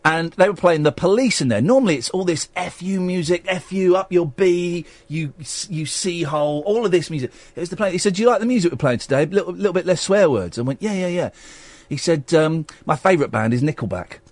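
A man hosting a radio show, chatting and telling stories in a jokey, animated way from the studio. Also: sits high, fairly quick, hardly any pauses, no room sound. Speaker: radio host. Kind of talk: casual radio chat. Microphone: studio microphone.

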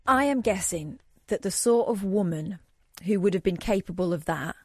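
A woman's voice: medium pitch, animated, normal speed, breathy edge, no room sound. Dry woman co-host. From Manchester, England. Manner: dry, blunt, contrary. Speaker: radio co-host. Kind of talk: late-night talk radio banter.

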